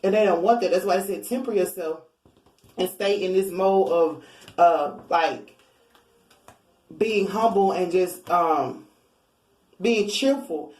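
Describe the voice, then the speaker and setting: A woman's voice: fairly low pitch, slow pace, long pauses, darkish tone. Woman, tarot reader, casual spiritual reading, roomy sound. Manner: chatty, informal, laughs often. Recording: roomy, a bit far from mic.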